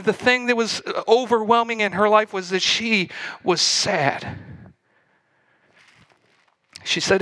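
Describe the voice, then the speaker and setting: A man preaching a sermon, retelling a Bible story with lively energy and asking the congregation questions directly. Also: very high voice, a little slow, no room sound. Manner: animated, speaks straight to the congregation.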